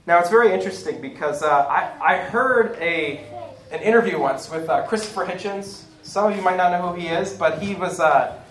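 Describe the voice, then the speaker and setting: A man's voice: high voice, moderate pace, a bit bright, roomy sound. A male pastor preaching a sermon in a conversational way, often stopping to ask "right?" and correcting himself.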